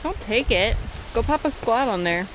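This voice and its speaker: A woman's voice: fairly high pitch, lively intonation, moderate pace. A young woman from Missouri narrating a casual hiking vlog, chatty and giggly with casual swearing, hiccupping as she talks. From Missouri, USA. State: has the hiccups. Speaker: vlogger. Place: outdoors on a creek trail in the woods. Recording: outdoor camera audio with stream noise. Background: flowing creek water.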